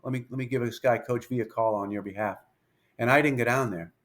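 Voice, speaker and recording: Fifties guy, baseball coach spinning a yarn, animated, does the voices, middle-pitched. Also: fast talker. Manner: lively anecdotal, acts out dialogue. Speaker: pitching coach, interview guest. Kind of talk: storytelling interview.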